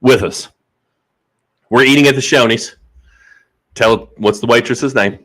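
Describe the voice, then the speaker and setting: A man's voice: mid-range voice, a little slow, fairly bright tone. A man hosting a podcast in casual chat, telling a funny story with lots of laughter. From Southern Indiana. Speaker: podcast host.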